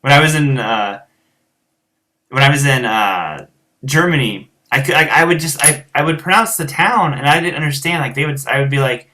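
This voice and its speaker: Rural-accented American man, bright tone, loose rambling live-stream chat as a guitar teacher. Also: medium pitch, expressive, a little fast. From United States. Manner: rambling, many fillers and restarts. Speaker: guitar teacher and show host. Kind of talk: casual chat answering viewers.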